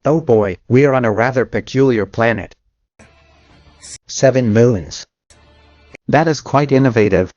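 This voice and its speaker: A man reading the lines of a cocky, mocking old male demon god in a flat storybook narration, taunting and unhurried. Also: mid-range voice, no echo, soft background music, natural voice. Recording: dull lo-fi dry audio.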